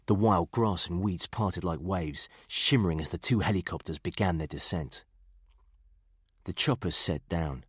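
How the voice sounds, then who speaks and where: Low husky guy reading an audiobook, steady measured pace, slight rasp. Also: dry recording, studio quality. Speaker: audiobook narrator. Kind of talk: scripted narration.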